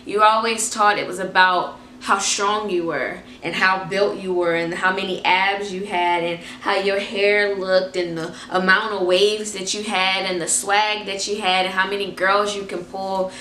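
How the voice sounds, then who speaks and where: Young woman, bright voice, motivational talk, repeats lines for emphasis, echoey room. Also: medium pitch, steady tone, unhurried, few pauses, slight background noise. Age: 20s. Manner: emphatic, repeats phrases for effect. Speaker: faith vlogger.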